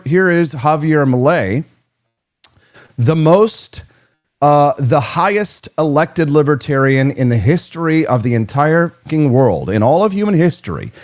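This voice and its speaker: A man hosting a talk show, delivering an opinionated, sarcastic monologue and swearing freely. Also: a little high.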